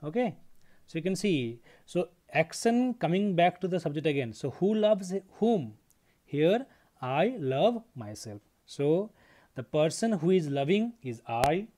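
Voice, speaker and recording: Guy teaching english grammar, a bit high voice, goes over stuff twice, says okay a lot. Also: sing-song, a little slow, warm tone. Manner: explanatory, repeats points, frequent "okay". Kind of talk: grammar lesson.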